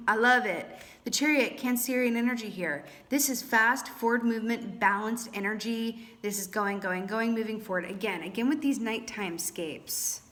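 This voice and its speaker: Young woman reading tarot to camera, casual and excited, lots of fillers, medium pitch. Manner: chatty, animated, thinks aloud with many fillers. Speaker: tarot reader.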